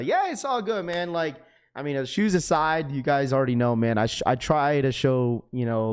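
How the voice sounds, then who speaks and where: A man with a raspy voice hosting a sneaker livestream, chatting casually in slang and reading chat messages aloud. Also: a little high, a little mellow. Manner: laid-back, slangy, full of fillers.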